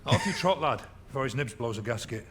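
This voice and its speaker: An actor playing a cheery, fatherly older rig worker, gravelly and jokey, in a video game. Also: medium pitch, animated, fast talker, fairly bright tone, a little hiss or hum. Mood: teasing.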